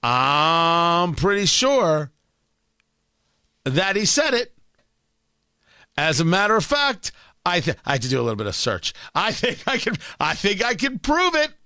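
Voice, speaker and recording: Animated, sarcastic male talk radio host. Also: sits high, measured pace, long pauses, dry recording, studio quality. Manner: sarcastic, animated, rhetorical questions. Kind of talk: opinionated political talk radio monologue.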